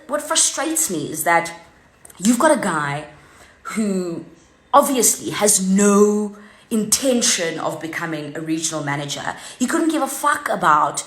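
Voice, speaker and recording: A woman telling a ranting, profane anecdote to camera, animated and full of fillers. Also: mid-range voice. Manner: animated, heavily profane, tells a story with many fillers. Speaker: vlogger. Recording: roomy echo.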